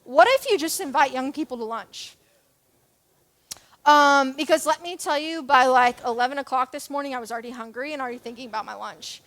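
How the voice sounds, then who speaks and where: Young woman youth leader, high pitch, casual self-mocking sermon delivery. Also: a little fast. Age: young adult. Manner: chatty, self-deprecating, animated with jokes and asides. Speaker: church youth and kids leader.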